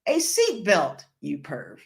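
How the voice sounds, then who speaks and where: A woman's voice: on the low side, wildly swooping pitch, slow, vocal fry. A woman hosting a casual livestream, reading viewer comments aloud and laughing along in a chatty way. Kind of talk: casual live-stream chat.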